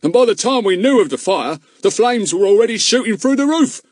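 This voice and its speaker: A man reading an audiobook, voicing a gruff, bossy village policeman who shouts and blusters. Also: high voice, sing-song, fairly quick, dry recording, studio quality, pitched above the performer's own voice. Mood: blustering.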